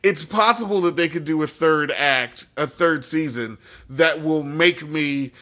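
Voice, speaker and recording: Bright-voiced man in casual podcast chat. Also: on the high side, measured pace. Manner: animated, laughs often. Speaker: podcast co-host.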